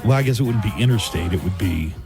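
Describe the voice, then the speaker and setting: A man's voice: fairly low pitch, expressive, quick pace, over music. Laid-back male radio host. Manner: wry, laid-back, reads promos. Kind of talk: casual morning radio banter.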